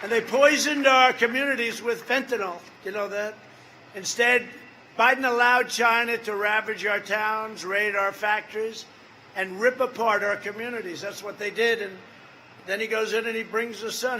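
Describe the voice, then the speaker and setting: An older man in his seventies speaks at a campaign rally in a high, piercing voice. He rambles, circles back to repeat his points and tosses quick asides to the crowd. Faint ambient noise sits behind him. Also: sharp tone, low-quality recording. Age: 70s. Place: large rally venue.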